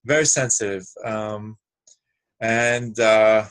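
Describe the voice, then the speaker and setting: A man talking as a guest in a casual discussion, halting and starting over often. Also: on the low side, clean tone. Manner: halting, full of restarts and fillers, animated.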